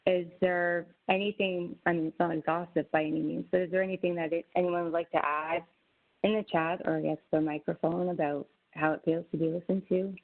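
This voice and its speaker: Female presenter, low-pitched and gravelly, relaxed teaching tone over a tinny call line. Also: fairly quick. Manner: conversational, with frequent restarts. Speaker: webinar presenter, social worker. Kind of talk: teaching webinar talk. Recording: tinny phone-like webinar audio.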